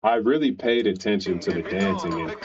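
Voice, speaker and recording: A man's voice: low-pitched, a little fast, highs cut off. A man streaming, ranting casually in a crude, opinionated way and rambling through restarts.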